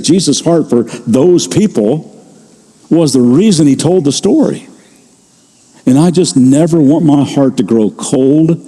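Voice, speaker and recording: An older man preaching a sermon as pastor, telling stories in a conversational way and slowing down to stress key phrases. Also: mid-range voice, mellow, slightly rough, in a large hall. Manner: conversational storytelling, slows for emphasis.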